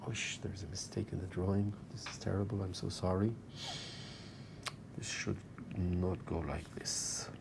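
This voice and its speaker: Lively, low-voiced man giving a lecture. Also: creaky, slight background noise. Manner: explains step by step, talking through drawings with frequent "okay". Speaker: university lecturer. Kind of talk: recorded lecture explaining slides.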